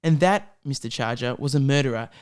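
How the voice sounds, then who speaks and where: A man's voice: mid-range voice, a little fast, clean tone. A man co-hosting a comedy podcast, reading fan fiction aloud and joking, laughing constantly. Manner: laughs constantly, jokey, animated.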